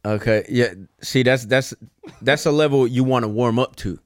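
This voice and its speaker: A man's voice: mid-range voice, moderate pace, no room sound, studio quality. A man co-hosting a podcast, giving playful advice and acting out scenes in casual banter.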